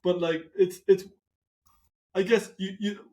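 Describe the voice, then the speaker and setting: A man's voice: high voice, level tone, unhurried, warm tone. An Irish man, a philosopher on a podcast, talking casually and thinking aloud as he circles and questions his own points. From Limerick, Ireland. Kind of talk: casual conversation.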